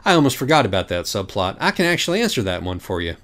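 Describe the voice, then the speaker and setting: A man voicing an exasperated, swearing young man who yells at the story itself. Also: fairly low pitch, sing-song, fast. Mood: offhand. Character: exasperated, foul-mouthed young male narrator character.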